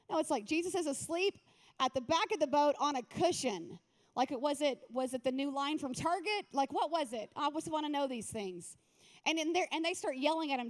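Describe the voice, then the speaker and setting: High-voiced woman pastor, joking sermon. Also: brisk. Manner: lively, joking, conversational. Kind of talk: sermon at a women's retreat.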